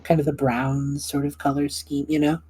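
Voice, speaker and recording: A woman's voice: deep voice, level tone, moderate pace, dark tone, slightly rough, poor audio. A woman narrating a tabletop game as game master, rambling with fillers and laughing often.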